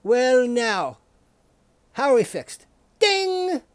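A man playing a mock game show host in a solo comedy sketch, with excitable patter and his own mouthed ding sounds. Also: very high voice, measured pace, no room sound.

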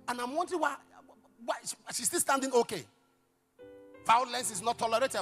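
A male pastor preaching a sermon, emphatic, with sudden shouted lines and questions thrown to the congregation. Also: very high-pitched, lively intonation, fairly quick, soft background music.

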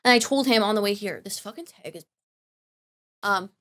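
A woman's voice: medium pitch, moderate pace, fairly bright tone. A young woman co-hosting a casual podcast, rambling and filling her talk with "like" and the odd curse. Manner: rambling, heavy use of "like", swears. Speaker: podcast co-host. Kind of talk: casual chat.

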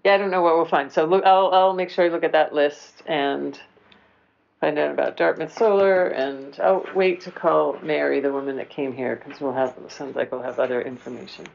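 A woman's voice: low-pitched, fairly even intonation, normal speed, creaky, darkish tone, a little hiss or hum. A woman with a Boston accent chairing a committee meeting, chatty and often correcting herself. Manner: chatty, self-correcting, laughs easily. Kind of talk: meeting discussion. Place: meeting room. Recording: dull lo-fi local TV audio.

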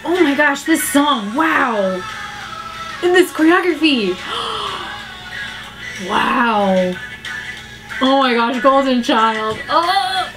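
A woman's voice: high-pitched, big pitch swings, takes it slowly, poor audio. Gasping, exclaiming woman reacting to a video. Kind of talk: music video reaction vlog. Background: music video playing.

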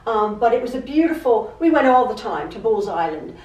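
A middle-aged woman talks casually from her home sewing room, rambling and circling back to repeat herself, often stammering and restarting. Her voice sits a little high. She is recorded from some distance in a room with plenty of echo. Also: big pitch swings, a little fast, darkish tone. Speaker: quilting channel host. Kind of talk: rambling personal chat. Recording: echoey room, mic at a distance.

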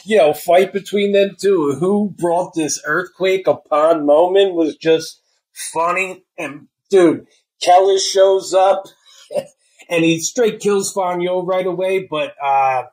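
Excitable slangy man reviewing a book. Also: high-pitched, slow, poor audio. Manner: excitable, slangy, swears, acts out his own inner voice. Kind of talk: casual spoiler-filled book review.

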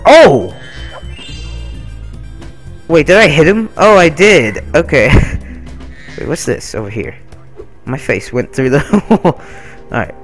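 A man's voice: fairly high pitch, expressive, a little slow, a bit bright, faint music behind. A young man giving laid-back, giggly gameplay commentary with swearing and silly asides. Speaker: let's play gamer.

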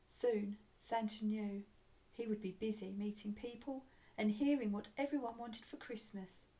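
A woman reading a children's storybook aloud, expressive and dropping to a soft hush on the speech tags, recorded on a computer webcam. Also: medium pitch, unhurried. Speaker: storybook reader.

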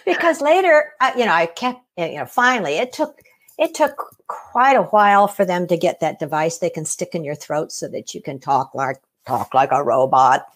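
A middle-aged woman telling her own story as an interview guest, animated, laughing often and acting out what others said. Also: on the low side, moderate pace. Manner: animated, laughs often, acts out quoted voices. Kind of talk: personal story in conversation.

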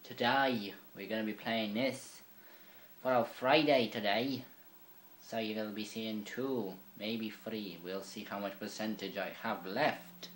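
A young man casually commenting on his gameplay, rambling and swearing in an offhand, quiet way. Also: on the low side, fairly even intonation, unhurried, a little hiss or hum. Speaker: gamer. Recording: echoey room with faint ambience.

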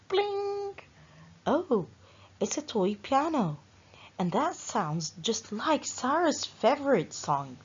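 A woman with a husky voice narrating a children's storybook in an animated, sing-song way. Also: mid-range voice, dull audio.

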